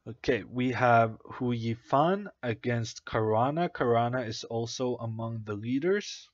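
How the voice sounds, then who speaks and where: A man's voice: medium pitch, measured pace, dry recording, highs cut off. A young Norwegian man whose first language is Norwegian, casually commentating chess on a stream, thinking aloud with plenty of uhs and ums. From Norway. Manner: hesitant, thinking aloud with many fillers.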